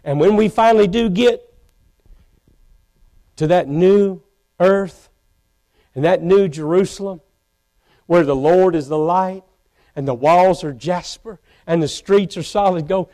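A man preaching a sermon from a church pulpit, swinging between fervent shouting and hushed intensity. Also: sits high, a little slow, pauses often. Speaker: pastor. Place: church sanctuary.

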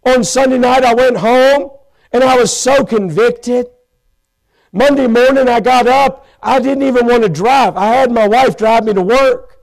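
A man preaching a sermon from a church pulpit, telling his own story with passion, breaking into shouts and slowing down to stress his points. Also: very high voice, creaky, rough recording. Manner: impassioned, bursts into shouts, slows for emphasis. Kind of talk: sermon testimony. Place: church pulpit, live stream.

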